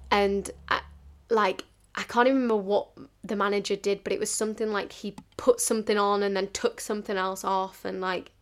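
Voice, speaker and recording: A woman, hosting a podcast in casual storytelling style, full of "like" fillers and acting out the people in her stories. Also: medium pitch. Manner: chatty, fillers like "like", acts out quoted dialogue. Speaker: podcast host.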